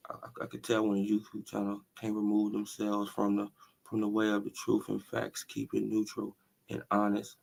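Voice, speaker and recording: A man's voice: lowish voice, monotone, normal speed, gravelly. A man hosting a casual boxing commentary stream, talking animatedly in slang, laughing often and tossing in "right?" and "bro". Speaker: boxing commentary channel host.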